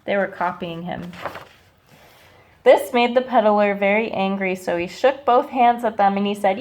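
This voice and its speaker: A woman teacher reading a picture book aloud to children, slow and expressive, stopping to ask them questions. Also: fairly high pitch.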